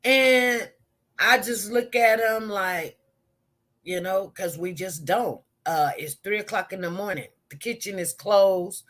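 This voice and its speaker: A woman nurse chats on a live stream, circling back over the same points and checking in with her listeners. Her voice sits at an ordinary middle pitch for a woman. The delivery is loose and conversational. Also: slow pace, a bit bright. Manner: rambling, repetitive, talks straight to viewers. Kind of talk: casual live-stream storytelling.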